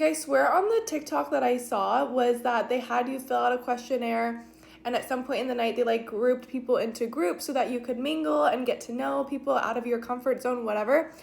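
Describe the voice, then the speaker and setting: Brief: woman, high voice with vocal fry, chatty vlog recap. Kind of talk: casual vlog review.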